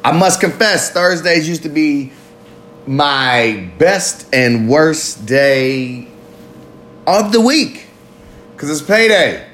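Man, fairly high voice, profane confessional host, loose monologue, faint rumbling noise. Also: expressive, slow, fairly bright tone. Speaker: podcast host. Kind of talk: live recovery talk show, confessional.

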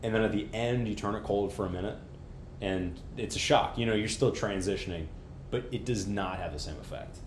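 A man speaks as a podcast guest with a very deep voice, rattling off his points quickly in an energetic, blunt manner with casual swearing. The room sounds echoey, with a faint rumble in the background. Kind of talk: casual chat.

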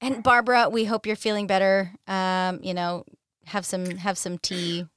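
A woman's voice: mid-range voice, little pitch movement, moderate pace, a bit bright, clean tone, no room sound. Woman, podcast host, casual chat, frequent laughter, dry studio sound. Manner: laughs often, many fillers.

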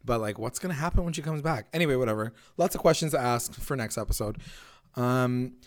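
A man's voice: mid-range voice, a little fast. A man co-hosting a show, casually recapping a TV episode, laid-back, peppering his talk with "like" and swearing freely. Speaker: podcast co-host recapping a TV episode. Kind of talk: casual chat.

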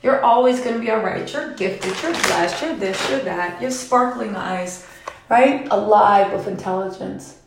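A woman's voice: medium pitch, unhurried, very echoey, noisy background, lightly acted. A woman voicing her insistent mother scolding her as a child, with firm, repetitive phrasing. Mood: reassuring.

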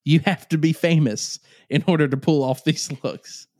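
A man's voice: a little high, steady tone, moderate pace, darkish tone, no echo, clean studio sound. A man who works as a youth pastor, joking and laughing often in a casual chat.

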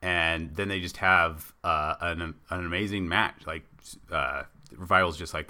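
Low-voiced guy with a bright edge, rambling on about wrestling booking, gets animated. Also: a little slow. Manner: rambling, animated, acts out bits in silly voices. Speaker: podcast co-host. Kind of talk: casual wrestling chat.

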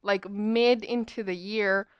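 A young woman in her twenties rambles through a casual storytime, full of fillers and asides. Her voice is clean and smooth. It sits close and dry, with no room around it. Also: medium pitch, steady tone, slow pace, no echo, muffled recording. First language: English. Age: 20s. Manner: chatty, rambling, many "um" and "like" fillers.

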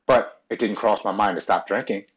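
Guy from maryland with a lowish voice, earnest halting story about recovery, kinda muffled audio. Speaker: podcast guest.

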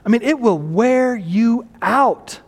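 High-voiced man preaching in a reverberant hall. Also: animated, slow pace. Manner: conversational, self-deprecating, asks the audience questions. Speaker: pastor. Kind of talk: sermon.

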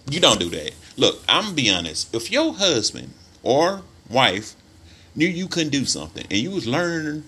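A man casually retelling a movie plot in a lively, colloquial way, with sudden loud bursts of emphasis. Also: mid-range voice, moderate pace, breathy edge. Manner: animated storytelling with sudden emphatic outbursts; colloquial, conversational phrasing. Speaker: film commentator.

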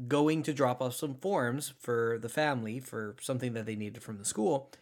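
Casting: man, casual storyteller, emphatic and animated, stumbling restarts. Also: mid-range voice. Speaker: former social worker telling a story.

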